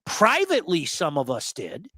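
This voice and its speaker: A man hosting sports talk radio in an emphatic, animated way. His voice sits somewhat high for a man. The sound is dry and close, with no room around it. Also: normal speed, husky, no echo. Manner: emphatic, animated storyteller who repeats words for effect.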